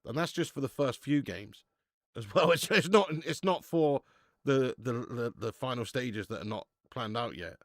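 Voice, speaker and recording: Brief: bloke, mid-pitched, laid-back watch-along host, swears freely, dry close sound. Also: male voice, expressive, moderate pace, no echo. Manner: casual, chatty, swears, reads out viewer messages. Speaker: football watch-along streamer. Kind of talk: live watch-along chat.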